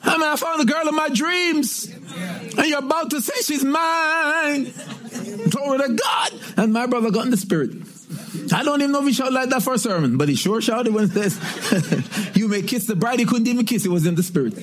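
A middle-aged male pastor preaching a sermon, emphatic, with repeated refrains and shouted exclamations. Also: extremely high pitch, fairly quick.

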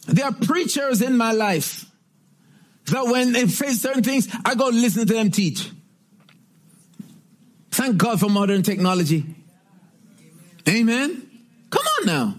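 A man with a strikingly high voice preaching a sermon. He hammers home repeated refrains and breaks into shouted exclamations. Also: unhurried, pauses often. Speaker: pastor.

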